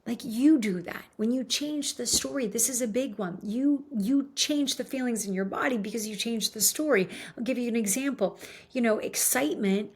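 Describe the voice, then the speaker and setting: A woman's voice: a little high, moderate pace, husky. A woman giving an earnest motivational talk, coaching her listeners and often checking in with "right?". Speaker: motivational speaker.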